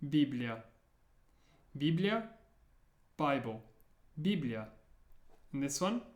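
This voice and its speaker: A man teaching the sounds of an alphabet, repeating each one slowly and clearly, with playful memory tricks. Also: fairly high pitch, animated, reverberant. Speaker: language teacher. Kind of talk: slow, deliberate pronunciation lesson.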